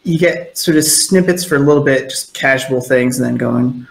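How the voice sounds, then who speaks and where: A man's voice: mid-range voice, steady tone, normal speed, vocal fry, hardly any pauses. A man narrating a tabletop role-playing game as game master, in a loose, descriptive storytelling way. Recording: echoey room.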